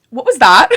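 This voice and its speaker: A young woman in her twenties reviews a book with a casual, sarcastic recap, reading passages aloud between giggly asides. Her voice is mid-range with a sharp tone.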